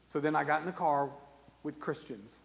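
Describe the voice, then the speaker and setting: A man, preaching a sermon and telling a personal story, his voice swinging from hushed to loud. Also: a little high, moderate pace, gravelly. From South Carolina. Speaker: guest preacher. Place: church sanctuary. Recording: long church reverb.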